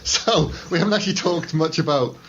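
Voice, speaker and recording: A man co-hosting a casual film review chat, talkative and quick to draw comparisons. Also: a little high, a bit bright, lo-fi sound, slight background noise. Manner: chatty, drawing comparisons, laughs easily. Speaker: film review podcast co-host.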